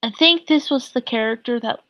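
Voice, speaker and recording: A woman's voice: fairly high pitch, moderate pace, bright, forceful tone, dry recording, rough recording. A woman streamer chatting casually, giggly and gushing, a little flustered. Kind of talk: casual live-stream chat.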